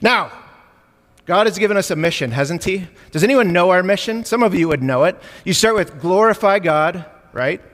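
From the United States, a man with a Chicago-area Midwestern accent delivers a conversational sermon, joking with his congregation. His voice is a little high for a man and fairly bright, animated and at a moderate pace, with the long reverb of a church sanctuary around it.

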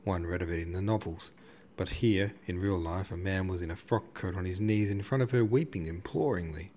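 A man reading a classic novel aloud as an audiobook narrator, in a measured storytelling manner. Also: deep voice, a little mellow.

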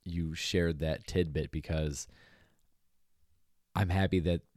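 A man's voice: low-pitched, steady tone, takes it slowly, darkish tone, no room sound. A man with a Midwestern American accent co-hosting a podcast in casual chat, making dry, joking asides. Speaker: podcast co-host.

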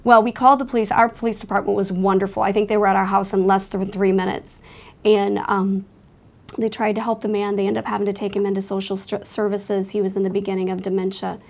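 A woman's voice: medium pitch, little pitch movement, fast, creaky, darkish tone. A woman earnestly telling a frightening personal story as a faith-minded testimony. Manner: earnest, emotional retelling of a frightening night; speaks with religious faith.

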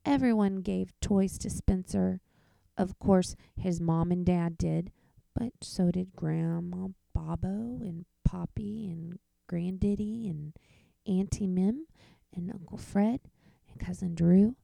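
A woman's voice: fairly low pitch, slow, vocal fry, warm tone, no echo, poor audio. A woman reading a children's picture book aloud expressively, whispering each page turn. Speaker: narrator.

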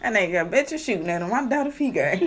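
A woman's voice: medium pitch, big pitch swings, fast talker, a little hiss or hum. A woman co-hosting a podcast in casual chat, reacting to a story with frequent exclamations. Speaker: podcast co-host.

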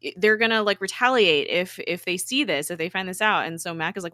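A woman with a bright, forceful voice that sits a little low, chatting casually through a recap of a show. She keeps slipping into the characters' lines and leans on "like" as a filler. The recording is dry and close, with no room sound. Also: lively intonation, fairly quick, no room sound. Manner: chatty retelling, acts out dialogue, many "like" fillers. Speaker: podcast host recapping a TV episode. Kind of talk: casual chat.

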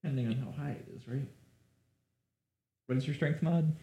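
A man's voice: mid-range voice, moderate pace, warm tone, muffled recording. A man playing a tabletop game who teases the others and makes wisecracks. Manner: teasing, wisecracking. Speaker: player. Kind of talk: casual tabletop game chat.

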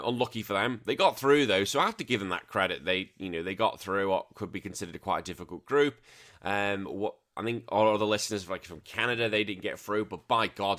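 A man's voice: lowish voice, fairly bright tone. A middle-aged man hosting a casual podcast, rambling, swearing freely and laughing easily. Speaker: podcast host. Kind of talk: casual chatty podcast talk.

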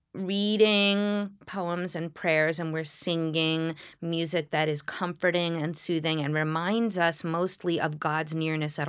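A woman, a Reformed Jewish clergy member, speaking in a reflective interview with a smile in her voice and earnest, halting storytelling. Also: deep voice, fairly bright tone, smooth, dry recording, clean studio sound. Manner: smiling, earnest storytelling with frequent pauses and restarts. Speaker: Reformed Jewish clergy leading healing services.

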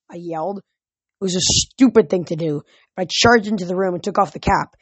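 A woman reading a novel aloud in a steady, measured way. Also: lowish voice, husky, no echo. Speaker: reader.

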